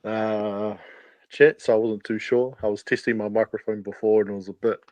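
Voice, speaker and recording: A man's voice: lowish voice, flat delivery, moderate pace, a little mellow, no room sound. Easygoing New Zealand man, dry sound. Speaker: guest caller. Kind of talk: casual call-in chat.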